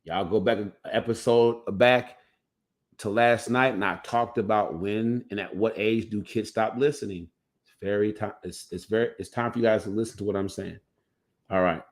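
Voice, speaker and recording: A man with a lowish, steady voice speaks at a moderate pace. He's hosting a casual livestream, where he also works as a coach, and he comments loosely and keeps restarting his sentences.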